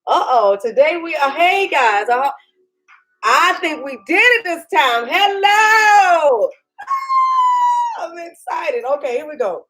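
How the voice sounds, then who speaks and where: Woman host, home kitchen live cook-along, bubbly and chatty, bright high register. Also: a little slow, rough recording. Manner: chatty, excitable, laughs often, talks to viewers as "y'all". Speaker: cooking channel host. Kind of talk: casual live-stream cooking demo.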